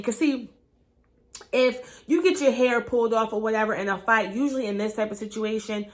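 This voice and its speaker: A woman's voice: medium pitch, fairly bright tone. A woman recapping a reality show in a chatty, gossipy, profane way, filming herself at home on a camera. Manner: chatty, gossipy, profane, lots of "you know". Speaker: TV show reviewer. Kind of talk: casual recap vlog. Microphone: camera mic.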